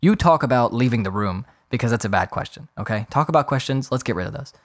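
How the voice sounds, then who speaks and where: A male podcast host on a fed-up, swearing rant, voice sitting at an ordinary middle pitch. He talks casually and mocks others in quick put-on voices. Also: animated.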